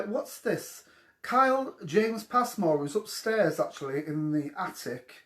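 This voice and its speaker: A man hosting a casual live question-and-answer show from home, with cheeky, gossipy banter aimed at his viewers. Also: on the high side. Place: at home during lockdown. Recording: echoey room.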